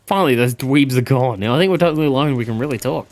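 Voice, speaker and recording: A man's voice: medium pitch, racing, soft background music, voice pushed down, lightly acted. Man doing a vain, brutish killer. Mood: boastful. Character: brutish muscular male killer, vain and blunt.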